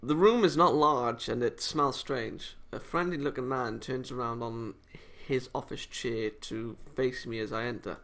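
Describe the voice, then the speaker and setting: A man's voice: medium pitch, creaky, fairly bright tone. A man hosting a casual let's-read of a visual novel, reading the text aloud with chatty, self-mocking asides.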